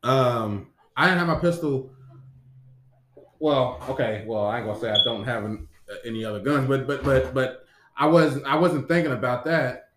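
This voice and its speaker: A man's voice: medium pitch, normal speed, a bit bright, slight background noise. A man telling a long dream story in casual chat, full of restarts and cursing. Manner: rambling, profane, many restarts. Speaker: podcast co-host. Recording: echoey room.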